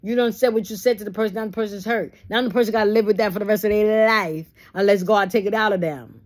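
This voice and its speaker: A woman's voice: medium pitch, steady tone, fast talker. A woman leading a Bible study, reading the text and breaking into folksy, preachy asides. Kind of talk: conversational Bible study teaching.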